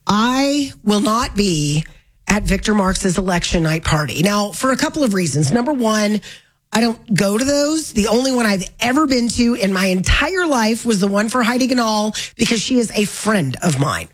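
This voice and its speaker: A woman's voice: mid-range voice, expressive, normal speed, rough recording. A woman hosting a talk radio show, giving an opinionated monologue with wry, sarcastic asides and a voice a bit strained from smoke.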